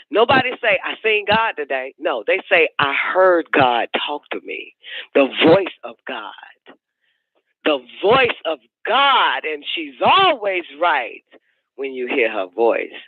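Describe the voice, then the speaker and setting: A man holds forth on a call-in radio show, preachy and profane, circling back to the same points again and again. His voice sits a bit high and swings widely in pitch. The sound is dry and squeezed into a narrow, phone-like band. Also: no room sound.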